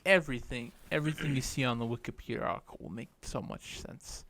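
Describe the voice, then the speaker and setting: A man's voice: mid-range voice, fast, fairly bright tone. A man co-hosting a podcast in casual chat, making offhand, dry asides. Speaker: podcast co-host.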